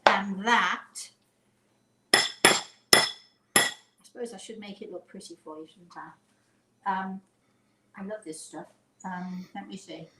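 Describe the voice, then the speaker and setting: A woman's voice: mid-range voice, steady tone, takes it slowly, pauses often, bright, forceful tone, a little hiss or hum. A woman hosting a casual home cooking demonstration, chatting as she measures by eye. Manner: chatty, eyeballing amounts aloud. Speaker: cooking show host. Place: home kitchen. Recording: echoey kitchen with clattering dishes.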